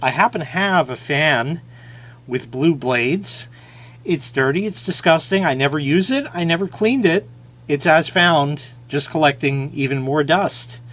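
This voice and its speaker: Guy fiddling with an old timer on camera, slow and jokey, kinda high voice. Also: fairly bright tone. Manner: joking, self-mocking, rambling. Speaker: hobbyist showing an old gadget. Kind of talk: casual show-and-tell.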